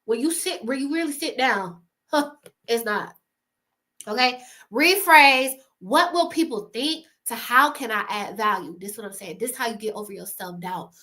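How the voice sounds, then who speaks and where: High bright-voiced woman giving emphatic pep talk. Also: moderate pace. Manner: emphatic, slangy, laughs often. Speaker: YouTuber giving advice. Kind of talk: casual motivational talk to camera.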